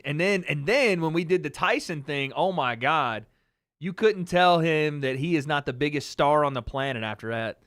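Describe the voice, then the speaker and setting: A man's voice: on the high side, normal speed, no room sound, clean studio sound. A man hosting a livestream, casually telling a story and answering his chat. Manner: animated storytelling, talks to chat. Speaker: livestream host.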